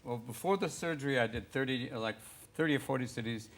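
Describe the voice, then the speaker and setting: A man in his sixties, a comedian guest on a talk show, riffing fast and slipping into voices. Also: mid-range voice. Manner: rapid riffing, jumping into voices. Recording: loud clicking noise.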